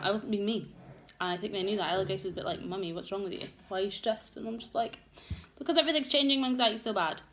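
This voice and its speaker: Young woman, mid-pitched voice, emotional candid vlog talk, noisy home recording. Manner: open, emotional, rambling with many fillers. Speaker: vlogger. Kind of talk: candid get-ready-with-me chat. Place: home room with children around. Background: noisy household.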